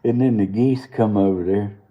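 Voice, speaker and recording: A man's voice: on the low side, moderate pace, muffled recording. A young Southern man from Georgia, chatting casually on his morning live stream and telling a rambling story with frequent laughter. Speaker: host of a live morning show.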